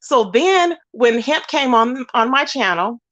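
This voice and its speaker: A woman's voice: on the high side, lively intonation, a little slow, a bit bright. A woman hosting a livestream, ranting indignantly and emphatically while greeting chat viewers. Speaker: livestream host. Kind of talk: heated livestream rant.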